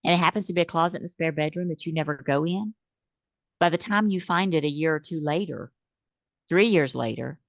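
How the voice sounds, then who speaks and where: A low-pitched woman, talking in a lively, conversational way as a guest on an interview. She tells stories and acts out the voices of customers. The recording is dry and a little dull. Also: brisk, vocal fry, dry recording. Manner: animated storytelling, acts out customer calls. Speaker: business owner guest.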